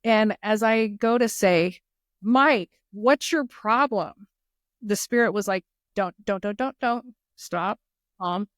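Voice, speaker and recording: A middle-aged woman speaks as an interview guest, sharing personal stories with earnest conviction. Her voice sits at an ordinary pitch for a woman, and the recording is dry and close with no room sound. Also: measured pace, no echo. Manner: earnest, heartfelt storytelling. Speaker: guest, foundation leader. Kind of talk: podcast interview.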